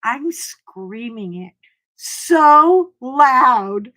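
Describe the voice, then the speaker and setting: Slow-talking, lively woman storyteller. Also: high voice. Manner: animated storyteller, shrieks when quoting herself. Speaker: livestream host. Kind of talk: casual chat to live viewers.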